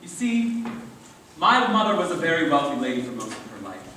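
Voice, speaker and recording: An actor playing a fumbling, animated man in an amateur stage musical. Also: on the high side, fairly quick. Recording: echoey stage from far off with noise.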